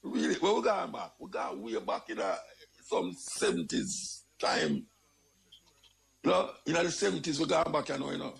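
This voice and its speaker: A Jamaican man talks in a lively, exclamatory stream, slipping in and out of patois. His voice sits a little high for a man, with a gravelly, crackling edge. He keeps it casual and full of emphatic asides. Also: normal speed. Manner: animated, exclamatory, patois-laced. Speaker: commentator. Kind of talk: casual commentary monologue.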